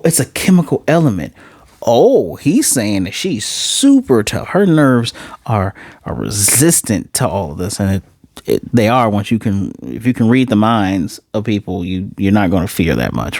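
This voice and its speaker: A man recapping an anime episode in a loose, excited way, jumping into quick voices for the characters and throwing in slang. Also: fairly low pitch, no room sound, studio quality. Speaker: anime reviewer.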